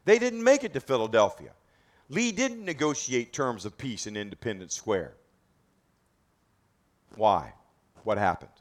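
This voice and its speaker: This battlefield tour guide has a mid-range voice with big pitch swings, speaking a little slowly and pausing often. Leading a group through a history talk at an outdoor historic site, he's dramatic and emphatic and peppers listeners with rhetorical questions.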